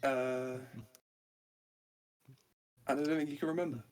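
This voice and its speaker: A man's voice: medium pitch, fairly even intonation, unhurried, darkish tone, clear, resonant tone. A man playing a tabletop game with friends, wry and a bit hesitant, often trailing into fillers. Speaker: player. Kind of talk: casual tabletop role-play.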